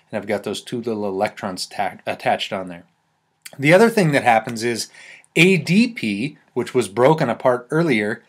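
A male biology teacher walks through a diagram step by step, talking loosely and conversationally. He points things out as he goes and reaches for everyday comparisons to make an idea stick. His voice sits at an ordinary middle pitch. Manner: casual and conversational, with fillers and restarts, using everyday comparisons. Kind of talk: explaining a lesson over a diagram.

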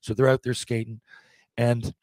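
A man's voice: mid-range voice, level tone, normal speed, darkish tone, no room sound. A man in his forties, a podcast guest, telling rambling, profanity-laced anecdotes in a casual way. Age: 40s. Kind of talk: casual storytelling.

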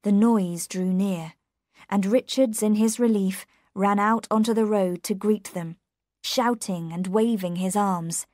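Woman reading a graded reader slowly. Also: medium pitch, a little mellow, no echo, clean studio sound. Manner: slow, careful and clear. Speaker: narrator. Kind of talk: graded reader audiobook narration.

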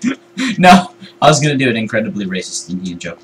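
A man's voice: on the low side, very animated, quick pace, a little hiss or hum, poor audio. A man co-hosting a gaming livestream who teases his friend in a dry way and laughs between lines. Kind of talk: casual gameplay chat.

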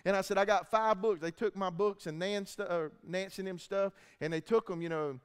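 A man preaching a testimony sermon in a church, telling the story with animated acted-out dialogue. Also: high voice, fast, few pauses, clean tone. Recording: echoey church hall.

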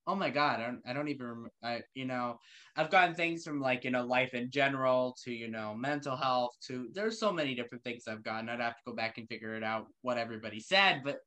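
A man hosts an interview show in a medium-pitched, bright, forceful voice, talking fast. He's friendly and asks questions casually, rambling loosely with lots of fillers.

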